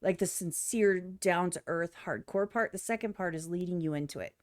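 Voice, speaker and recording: A woman's voice: on the low side, normal speed, no echo, clean studio sound. A woman streamer giving blunt, profane reaction commentary on a music video, often mimicking other people in exaggerated voices.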